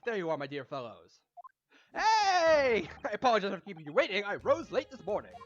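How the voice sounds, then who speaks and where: Brief: a flamboyant, brash Victorian detective in a game, as a streamer voices him, lively pitch, dull lo-fi sound, faint game music underneath. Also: male voice, fairly quick. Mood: breezy. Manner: theatrical, breezy, grandiose.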